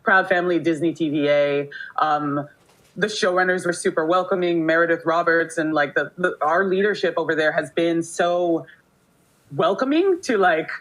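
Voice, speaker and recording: A woman director talking fast and casually, with lots of filler words. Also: lowish voice, a bit bright, poor audio. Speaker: animation director.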